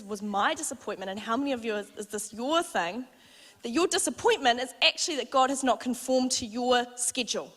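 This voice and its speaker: A young woman preaching to a church congregation, her high, bright voice running through a chatty, animated testimony full of "like" and laughter. Her words ring with the long reverb of a large church auditorium. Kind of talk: testimony-style sermon.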